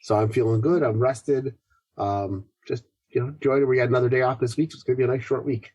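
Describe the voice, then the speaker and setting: A man with a slightly husky voice hosts a gaming podcast, talking quickly and easily. The sound is close and dry, with no room around it. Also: mid-range voice, steady tone, darkish tone, dry recording. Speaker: podcast host. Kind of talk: casual chat.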